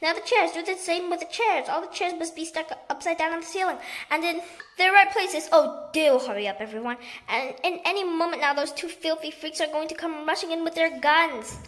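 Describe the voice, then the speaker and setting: A woman voicing an excited, bossy male monkey who shouts orders in a storybook reading. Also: extremely high pitch, a little fast, pitched above the performer's own voice. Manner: shouting orders, breathless and eager.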